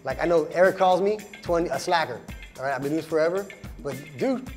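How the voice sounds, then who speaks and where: A man's voice: a little high, quick pace, faint music behind. A man, a comedian contestant, chatting casually to camera in a laid-back way, with a frequent "all right" and "you know". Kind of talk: casual interview confessional.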